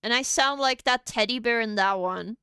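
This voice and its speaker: Young norwegian woman streaming, high bright voice, giggly quick chatter, dry sound. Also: clean tone, no room sound. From Norway. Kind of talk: casual livestream chat.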